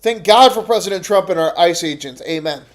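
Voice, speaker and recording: A young man in casual, profane live-stream commentary, reacting to news clips, loud and laughing and swearing constantly. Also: high voice, fairly quick.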